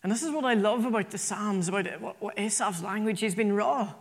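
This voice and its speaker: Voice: medium pitch, fairly quick. A preacher delivering an earnest sermon, often repeating phrases for emphasis. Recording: long reverb from a hall.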